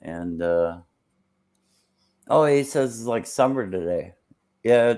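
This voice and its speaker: A man's voice: fairly low pitch, lively intonation, slow, a little mellow. Rambling man hosting a casual chat. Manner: rambling, searches aloud for words.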